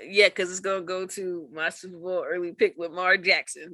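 A woman's voice: lowish voice, fairly quick, hardly any pauses, sharp tone, dry recording. A woman co-hosting a podcast, chatting casually about sports, laughing often and doubting her own picks. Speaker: podcast co-host.

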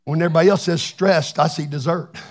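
A man preaching a fervent Pentecostal sermon, swinging from chatty asides to shouted bursts. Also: a little high, fairly even intonation, fast talker, a little hiss or hum. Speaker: pastor.

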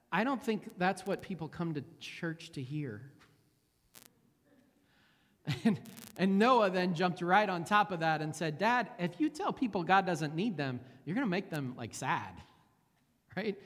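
A man in his forties preaches in a loose, conversational way, doubling back on his words as he goes. His voice sits somewhat high for a man. A long church reverb trails each phrase, as in a large sanctuary. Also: a bit bright. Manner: conversational, repeats words, many fillers and restarts. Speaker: pastor. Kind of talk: sermon with prayer.

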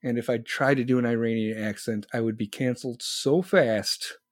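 A man's voice: mid-range voice, fairly even intonation, moderate pace, no echo, clean studio sound. A man live streaming, answering his chat in a blunt, profane, rambling rant. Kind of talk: casual political rant.

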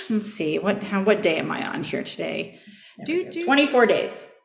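Low-voiced lady coach, calm reflective self-help talk, roomy echo. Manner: gentle, reflective, soothing. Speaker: podcast host and coach.

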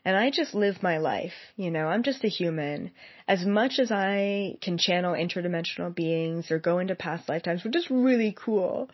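A young woman speaks earnestly and heartfeltly, rambling a little as she addresses her viewers. Her voice sits at an ordinary pitch for a woman. The recording is dry and slightly dull. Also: moderate pace, no room sound. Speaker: psychic. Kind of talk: personal monologue to viewers. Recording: slightly muffled, dry sound.

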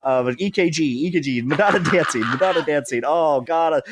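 A male comedy show regular with a fairly high voice gives a frantic live play-by-play of a music video over a noisy background. He rushes, stammers, and sounds exasperated, swearing and laughing as he goes.

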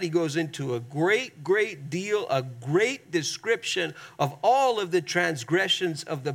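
Male pastor, slightly high and gravelly, emphatic sermon delivery with drawn-out stresses. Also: fairly bright tone. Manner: emphatic, drawn-out stresses, asks the congregation to repeat.

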